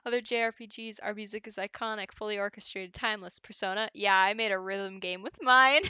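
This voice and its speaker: A woman's voice: medium pitch, fairly even intonation, brisk, bright, forceful tone, clear, resonant tone, no room sound. A woman streamer chatting casually while playing a game, giggly and swearing now and then.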